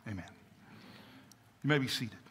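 A man's voice: high-pitched, expressive, moderate pace, sharp tone, a little hiss or hum. A man preaching a sermon as pastor, repeating words for emphasis and leading call and response. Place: church sanctuary with congregation. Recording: echoey church hall.

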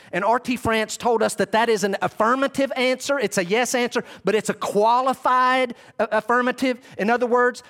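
Male pastor, high voice, delivers a sermon with animated acted-out quotes.

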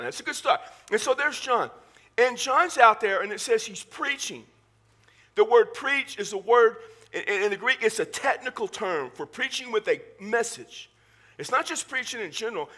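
A male pastor with a Southern Texas accent preaches a sermon in church in a high voice, animated and packed with joking asides.

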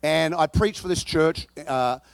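A man preaching a sermon, telling a story with animated energy that bursts into shouting. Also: on the high side, a little slow, creaky, clean tone, no echo.

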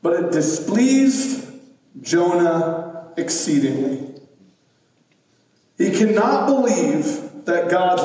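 A man in his thirties preaching a lively sermon as pastor, acting out voices with big swings in tone. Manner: animated, acts out voices with big pitch swings. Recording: echoey hall, distant mic.

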